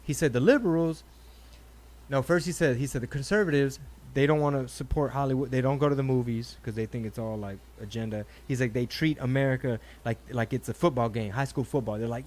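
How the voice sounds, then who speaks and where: A man hosting a laid-back podcast conversation. He tells stories with animated energy, slipping into voices when he quotes people. His talk is loose and full of swearing. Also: medium pitch, a little fast. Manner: animated storyteller, acts out quotes, swears freely. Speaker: podcast host. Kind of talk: casual chat.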